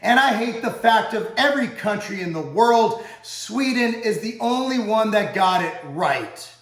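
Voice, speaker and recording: A man's voice: high voice, lively intonation, measured pace, a bit bright, roomy sound, rough recording. A man who owns a supplement company, talking straight to camera in a heated, profane rant. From United States. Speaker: supplement company owner and channel host.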